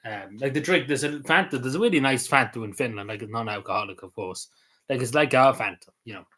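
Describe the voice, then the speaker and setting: A man's voice: mid-range voice, fast talker, bright, forceful tone. An Irish man streaming a casual chat. He rambles loosely, with lots of ums, uhs and likes. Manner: meandering, full of ums and likes.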